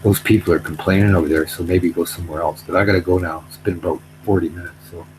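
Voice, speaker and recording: A man's voice: low voice, fairly even intonation, fast talker, background noise. A middle-aged man telling a story in casual chat, rambling, repeating himself, trailing off.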